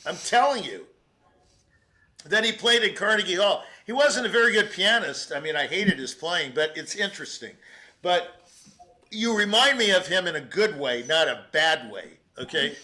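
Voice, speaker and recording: An older man giving rambling, animated feedback on a piano performance, singing out phrases and laughing as he talks. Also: high voice, moderate pace. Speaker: competition juror giving feedback. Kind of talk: spoken critique of a performance.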